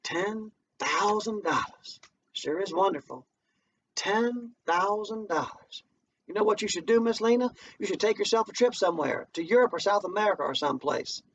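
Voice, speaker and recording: A man's voice: sits high, animated, moderate pace, voice pushed up. A man voicing a tired, anxious young wife. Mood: earnest. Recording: distant muffled home recording, faint noise.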